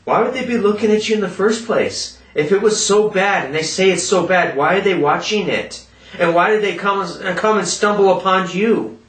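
Loud, foul-mouthed ranting man. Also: high voice, moderate pace. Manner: profane, loud, yelling rant. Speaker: vlogger. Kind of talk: angry ranting vlog. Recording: roomy echo, distant mic.

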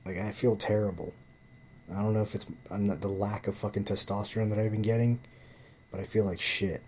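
A man's voice: on the low side, level tone, fairly quick, a little mellow, a little hiss or hum. A man telling a rambling, profanity-laden story in casual chat, heavy with fillers.

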